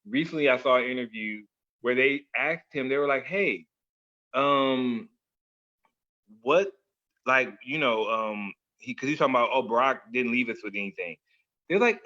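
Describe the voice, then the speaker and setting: Bright, lively man in casual chat. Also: mid-range voice, moderate pace, dull audio. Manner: animated storyteller, laughs often, says like and man a lot.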